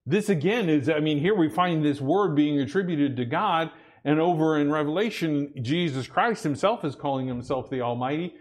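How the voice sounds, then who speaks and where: A man preaching a sermon in a relaxed, conversational way, checking in with "amen?" and acting out little everyday scenes. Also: a little high, moderate pace. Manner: conversational preaching with frequent "amen?" and acted asides. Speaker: pastor.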